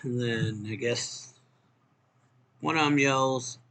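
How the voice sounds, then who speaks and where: A man's voice: mid-range voice, slow pace, a bit bright. Casual man recapping a manga chapter. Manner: rambling, filler-heavy retelling. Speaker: manga reviewer.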